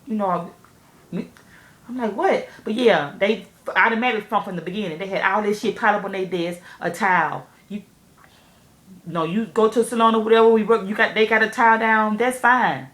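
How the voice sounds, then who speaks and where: A woman telling a story candidly to camera, animated and profane, speaking straight to her viewers. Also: medium pitch, a little fast, echoey room. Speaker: nail technician vlogger.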